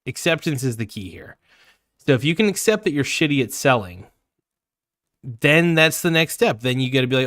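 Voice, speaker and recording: A man's voice: medium pitch, moderate pace, no echo. Podcast host, male, blunt casual talker, dry close mic. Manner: blunt, swears freely, animated. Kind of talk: casual chat.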